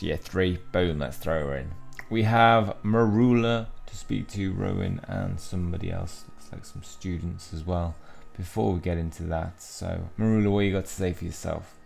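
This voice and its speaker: A young man with a very low voice and a gravelly, creaky edge talks through a mobile game. He is chatty and rambling, reading the in-game text aloud and musing to his viewers between taps. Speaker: mobile game let's-play host. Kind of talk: casual gaming commentary.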